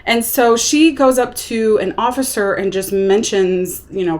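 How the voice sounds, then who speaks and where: Casual young woman vlogger, rambling movie recap, filler-heavy, mid-pitched. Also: steady tone, normal speed, few pauses, darkish tone. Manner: chatty, rambling, lots of "like" fillers. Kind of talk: casual chat.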